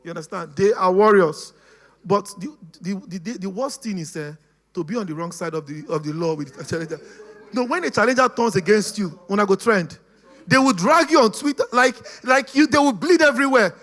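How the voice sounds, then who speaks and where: A man giving a lively, casual teaching talk, laughing often and checking that his listeners follow. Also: high voice, a little fast. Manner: animated, laughing, acts out quoted voices, keeps asking "you understand?". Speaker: speaker on personality types.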